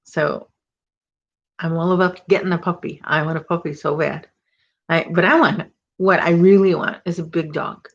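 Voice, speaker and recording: A woman's voice: lowish voice, fairly even intonation, normal speed. Chatty woman livestream host, muffled audio. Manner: chatty, rambling, lots of "like" and "oh my gosh". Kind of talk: casual chat with live viewers.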